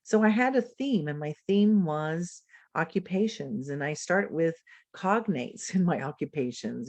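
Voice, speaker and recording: A woman's voice: lowish voice, measured pace, darkish tone, no room sound. A woman presenting a teacher-training webinar over a video call, explaining and modeling words and phrasing for students. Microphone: computer mic on a video call.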